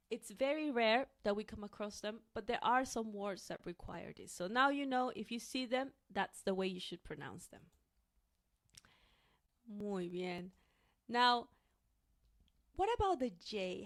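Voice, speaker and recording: Slow, careful woman teaching pronunciation. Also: on the high side, animated. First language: Spanish. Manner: slow, careful modeling of sounds for repetition. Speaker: Spanish teacher. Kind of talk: language lesson.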